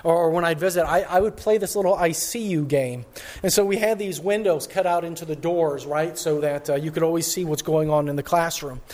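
A man's voice: on the high side, fairly quick, darkish tone. A man pastor giving a sermon, telling a personal story in a conversational way with frequent restarts.

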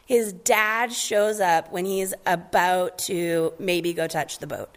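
A woman's voice: fairly low pitch, fairly even intonation, slow, few pauses. A woman preacher giving a conversational sermon, reading scripture and retelling a story with animation.

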